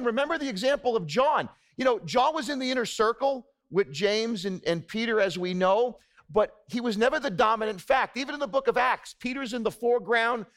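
A man's voice: very high-pitched, fairly bright tone. A man preaching a sermon to a congregation, talking in a casual, conversational way and checking in with "okay?" asides. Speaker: pastor.

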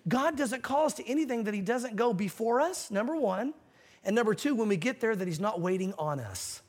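A man's voice: high voice, lively intonation, fairly quick, a little mellow. A male pastor preaching a sermon, telling a story with acted-out quotes and teaching from a Bible verse.

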